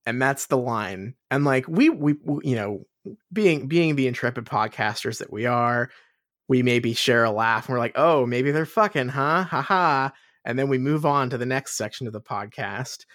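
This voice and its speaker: A woman's voice: extremely low pitch, moderate pace, no echo, clean studio sound. A woman co-hosting a podcast in casual chat, rambling and laughing, swearing freely. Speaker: podcast co-host.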